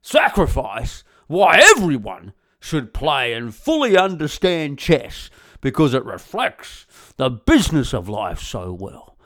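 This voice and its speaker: A man voicing a rambling, preachy online commenter in an exaggerated Australian accent, reading slowly with mock solemnity. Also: medium pitch, sing-song, fairly bright tone, pitched above the performer's own voice. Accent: exaggerated put-on Australian. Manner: slow, sing-song, mock-solemn reading.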